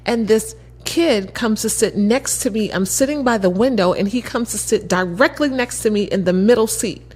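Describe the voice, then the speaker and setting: Husky, animated storytelling woman. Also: fairly high pitch, normal speed. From Baltimore, USA. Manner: animated, laughing, acts out dialogue. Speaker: guest entrepreneur. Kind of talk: casual storytelling.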